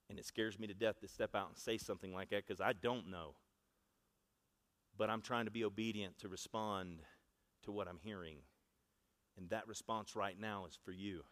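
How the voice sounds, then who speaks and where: A man's voice: on the low side, fairly even intonation, moderate pace, fairly bright tone. A man preaching a sermon in a conversational, storytelling way, asking the congregation to repeat after him. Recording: long reverb of a large hall.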